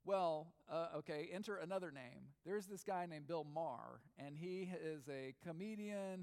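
A man with a high, raised voice preaching to his congregation. He fires off questions and drives each point home with emphasis. His voice rings with a long hall reverb. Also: darkish tone, clean tone. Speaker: pastor. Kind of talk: sermon.

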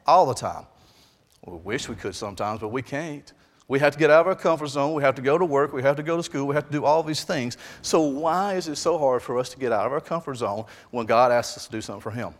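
A man preaching a sermon in a church on a lapel mic, conversational and animated, with casual asides. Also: a little high. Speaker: pastor. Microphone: lapel mic on jacket. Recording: long church reverb.

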